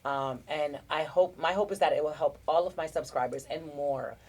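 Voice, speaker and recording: This middle-aged South Florida woman has a deep voice and speaks at normal speed. Hosting a podcast, she rambles warmly through earnest relationship advice in a casual group chat, restarting now and then.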